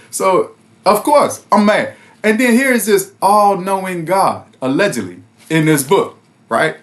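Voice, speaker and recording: Guy with doing bible commentary, laughs a lot, bouncy pitch. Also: animated, a little slow, fairly bright tone. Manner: laughs often, conversational and mocking. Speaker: bible study host. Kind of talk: casual commentary on scripture.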